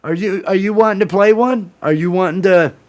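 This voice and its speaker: A man hosting a casual livestream, talking in a loose, rambling way with swearing and excitable restarts. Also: sits high, a little fast. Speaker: livestream host. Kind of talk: casual chat.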